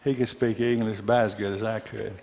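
A man from Mississippi with a Southern accent, teaching a church Bible class in a conversational way, asking the class questions and pausing on fillers. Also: on the low side, level tone, gravelly, darkish tone, in a large hall.

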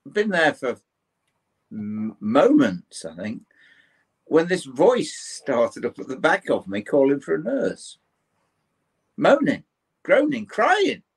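An older Englishman, talking as an interview guest. His voice sits a little high for a man and swings widely as he acts out each moment. He drops into other people's voices and lets a mild curse slip here and there. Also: creaky, breathy edge. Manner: lively anecdotal telling, acting out quoted voices, swears mildly. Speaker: interview guest, historian and paranormal investigator. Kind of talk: animated storytelling in conversation.

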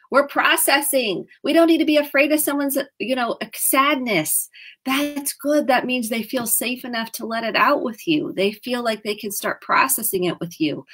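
A woman therapist from Indiana talking on a video call, coaching and acting out example questions in a warm, encouraging way. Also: mid-range voice. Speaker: licensed therapist. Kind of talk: video-chat conversation.

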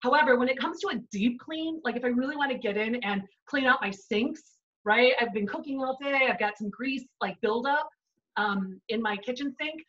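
Here a chef instructor with a Chicago accent talks through a home-kitchen cooking demo, explaining as she goes and leaning on "right?" and "um." Her fairly high voice is a bit bright and moves at a moderate pace. The recording is distant, with the high end cut off.

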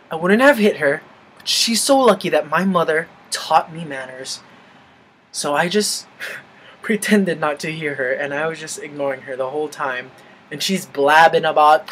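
A young man venting in a casual vlog, animated and swearing freely. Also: fairly high pitch, breathy edge, rough recording. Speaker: vlogger.

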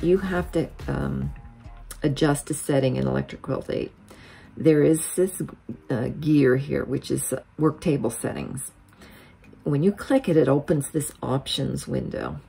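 A woman hosting a quilting software tutorial, explaining each step methodically as a voice-over. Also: deep voice, gravelly.

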